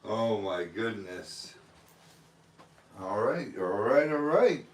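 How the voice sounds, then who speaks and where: A man hosts a live online auction, calling bids and trading jokes with his co-host. He speaks slowly, sounding a little away from the mic in an echoey room. The tone is casual and chatty. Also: fairly low pitch, expressive, recorded from a distance, a little hiss or hum.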